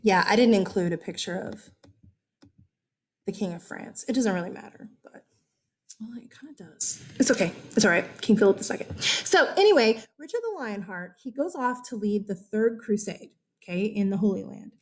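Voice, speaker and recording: A woman's voice: mid-range voice, expressive, normal speed. A woman history teacher giving a casual, chatty lecture, correcting herself and asking her students questions.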